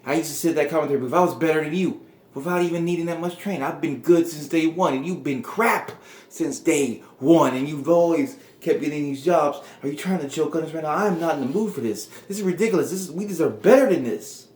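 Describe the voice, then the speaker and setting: A man voicing a bitter male wrestler who rants in a loud, aggrieved tone, with a roomy echo. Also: fairly high pitch, quick pace, lightly acted.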